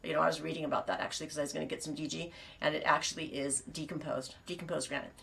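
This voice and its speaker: A woman with a slightly low voice chats casually on a live knitting stream from home on her farm. She rambles, restarts her sentences, laughs a lot and drops the odd swear word. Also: little pitch movement, racing, gravelly, fairly bright tone. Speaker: knitting show host and sheep farmer.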